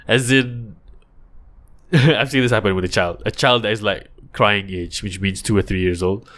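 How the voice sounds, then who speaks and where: A man's voice: mid-range voice, fairly bright tone. A man thinking aloud in a casual monologue, rambling with restarts.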